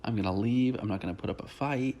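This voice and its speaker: A man's voice: lowish voice, quick pace, darkish tone, highs cut off, close to an everyday voice. A man voicing a stubborn, clueless young male dating-show contestant in a sarcastic, mocking way.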